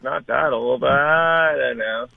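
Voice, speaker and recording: A man's voice: medium pitch, slow, vocal fry, no echo. A man calling in to a radio show over the phone, hesitant and unsure of his answers. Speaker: caller. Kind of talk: call-in radio chat. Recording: tinny phone line.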